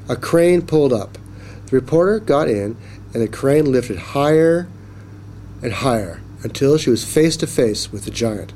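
Slow-reading man telling a kids' story. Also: medium pitch, a little hiss or hum. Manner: slow, expressive, animated reading. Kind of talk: children's story read-aloud.

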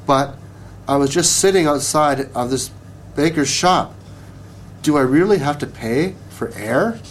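A man's voice: a little high, unhurried, a little hiss or hum, natural voice. A man doing a folksy humble cowboy. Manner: folksy and mild. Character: easygoing drawling male cowboy, humble.

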